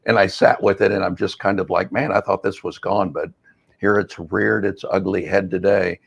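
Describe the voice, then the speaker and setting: A man's voice: low-pitched, steady tone, moderate pace, creaky, husky, no room sound. A man, a mindfulness coach and podcast co-host, telling a rambling story in casual chat. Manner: rambling storyteller, acts out quoted voices, laughs easily.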